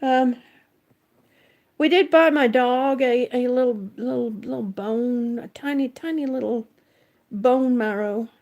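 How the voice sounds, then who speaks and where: A livestreamer with a high but darkish-toned voice, heard through dull audio, chats slowly and breathlessly. She drifts through looping sentences, trailing off and restarting as she greets viewers one at a time and reads their comments.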